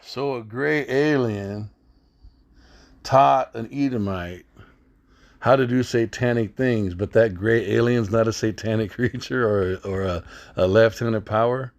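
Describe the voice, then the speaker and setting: A man's voice: mid-range voice, unhurried. A man leads a scripture lesson, reading passages aloud and stopping to comment. He is emphatic and blunt, poses rhetorical questions to his listeners, and now and then slips into swearing. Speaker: Bible teacher.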